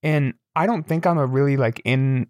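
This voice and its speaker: Young man, storytelling, animated, dry close sound. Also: mid-range voice, moderate pace, dry recording. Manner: animated, quotes people in raised voices, laughs often. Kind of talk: casual storytelling chat. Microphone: remote call with broken camera.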